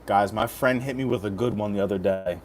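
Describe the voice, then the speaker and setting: A man's voice: on the low side, a little fast, slight background noise. A man in his thirties streaming casually, joking and swearing as he reads chat aloud and talks over fight picks. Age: 30s.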